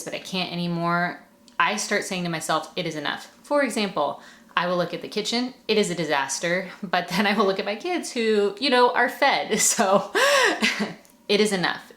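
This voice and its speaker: A woman's voice: on the low side, fairly bright tone. A young woman, a mother hosting her own show, talking earnestly and chattily to other moms and laughing now and then. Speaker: podcast host and mom. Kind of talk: encouraging monologue. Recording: echoey room.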